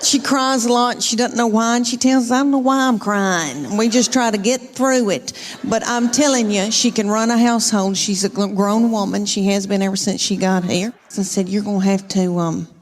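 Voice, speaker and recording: A woman's voice: fairly high pitch, fairly even intonation, brisk, a little hiss or hum. A woman with a Southern US accent doing a folksy, exasperated stand-up story about her family. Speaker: stand-up comedian. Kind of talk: stand-up routine.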